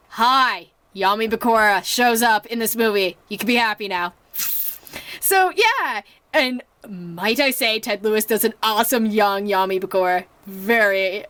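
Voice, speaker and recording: A chatty young woman talks through a movie review in a slightly high voice, rambling with plenty of fillers and restarts. She acts out her reactions as she goes. The sound is dry and close, with no room around it. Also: fairly bright tone, no room sound. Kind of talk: casual spoken movie review.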